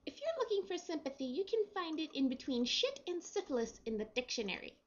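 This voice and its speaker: A woman voicing a harsh, blunt older mother who talks in a shrill, scornful way. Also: sing-song, a little fast, lo-fi sound.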